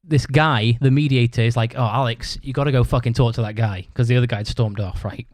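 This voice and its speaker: Casual male podcaster, sweary rambling storyteller, mid pitch, dry sound. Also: steady tone, quick pace, dry recording. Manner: acts out other people's shouted lines. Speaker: podcast host.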